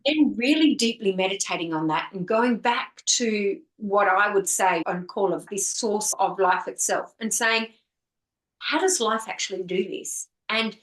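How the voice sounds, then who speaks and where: A woman's voice: mid-range voice, roomy sound, rough recording. A woman author speaking as an interview guest, earnest and flowing, often stringing words into lists. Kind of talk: reflective conversational interview.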